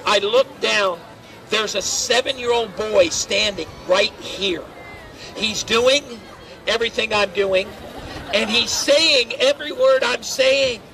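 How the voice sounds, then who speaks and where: A loud, teasing middle-aged man with a fairly high voice entertains a waiting crowd outdoors at a theme park. He tells stories and jokes through a handheld voice amplifier. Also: poor audio. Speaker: theme park crowd-control cast member. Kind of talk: pre-show crowd warm-up storytelling.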